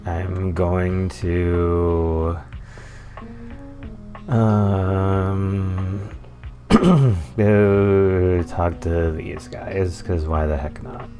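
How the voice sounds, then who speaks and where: A man with a very deep voice gives wry, sarcastic live commentary as he plays. He talks slowly. Faint music sits behind him. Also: fairly even intonation, warm tone. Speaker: streamer.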